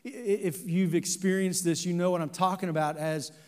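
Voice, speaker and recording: A man's voice: high-pitched, normal speed, darkish tone. A man preaching a sermon as pastor, earnest, with frequent fillers and restarts. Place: church sanctuary. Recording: long church reverb.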